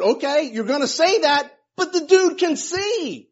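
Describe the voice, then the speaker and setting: A man's voice: very high voice, moderate pace, few pauses, highs cut off. A man preaching a sermon, moving between emphatic declarations and casual conversational asides. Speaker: pastor.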